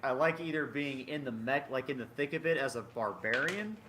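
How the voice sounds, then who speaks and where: A man's voice: medium pitch, brisk. Rambling young man, noisy recording. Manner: rambling, excitable, lots of "like". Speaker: podcast co-host. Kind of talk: casual chat.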